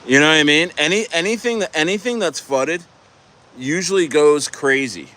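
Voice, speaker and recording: A man's voice: a little high, lively intonation, moderate pace, sharp tone. Rambling man from New Jersey. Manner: rambling, many restarts. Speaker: livestream host. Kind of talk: casual chat.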